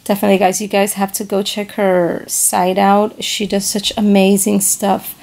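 Gushing woman with a gravelly voice. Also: medium pitch, flat delivery, normal speed, a little mellow. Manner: gushing and enthusiastic, repeats praise words; searches for words, trails off mid-sentence. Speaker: craft vlogger showing a package. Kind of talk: casual chat to camera.

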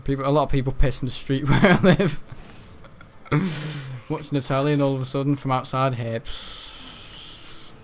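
A man's voice: mid-range voice, steady tone, normal speed, pauses often, slight background noise. A young British man at home in his bedroom, rambling through casual gaming commentary, joking, swearing freely and laughing often. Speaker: gaming video host.

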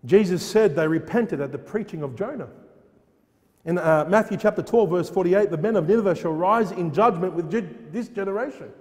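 A man's voice: high-pitched, moderate pace, a little mellow, big-room sound. A man preaching a fervent sermon in a church, repeating phrases and firing off rhetorical questions.

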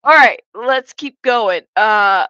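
Woman live-streamer, high bright voice, gravelly, dull dry sound, chatty and joking. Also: expressive, slow pace, no room sound. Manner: chatty, joking asides, laughs often. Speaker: commentary channel host. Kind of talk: live-stream commentary reading chat.

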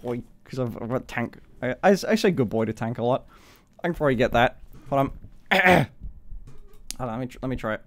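A man's voice: medium pitch, lively intonation, fairly quick, long pauses. A man in his twenties chatting casually on a live stream, swearing freely, laughing often and rambling in a self-conscious way. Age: 20s.

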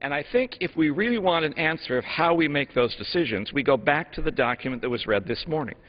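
A man, a congressman, giving a measured floor speech full of historical examples in a legislative chamber. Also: fairly high pitch, animated. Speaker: congressman from Utah. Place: House chamber. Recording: dull broadcast audio in a long-reverb chamber.

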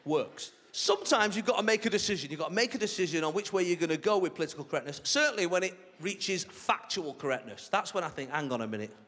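A man doing a live stand-up routine on a theatre stage, chatty and animated, with mock-outraged asides. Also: high voice, fast, hardly any pauses. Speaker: stand-up comedian. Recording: reverberant theatre with crowd laughter. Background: audience laughter.

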